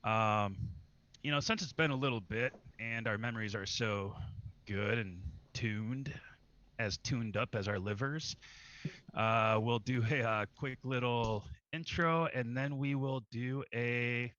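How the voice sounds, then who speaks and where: A man's voice: mid-range voice, measured pace, fairly bright tone, lo-fi sound. A man running a tabletop game as game master, chatting in a loose, joking way. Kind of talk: casual tabletop game chat.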